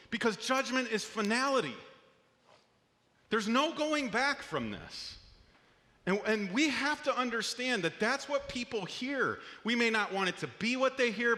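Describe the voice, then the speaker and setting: A male pastor delivers a sermon in an earnest, conversational way, sometimes restarting a phrase. His voice sits high and rings bright. The sound carries the long reverb of a church hall.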